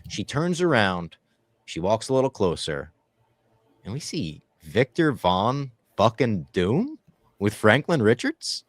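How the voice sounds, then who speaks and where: A man's voice: fairly low pitch, very animated, slow, no echo. A man co-hosting a podcast, talking animatedly through a casual movie review and swearing freely. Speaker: podcast co-host.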